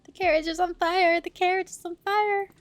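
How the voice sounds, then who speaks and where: A woman voicing a frightened young noblewoman trapped in a burning carriage, pleading for help in a high, breathless voice. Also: animated, moderate pace, no echo. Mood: panicked. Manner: panicked, breathless calls for help.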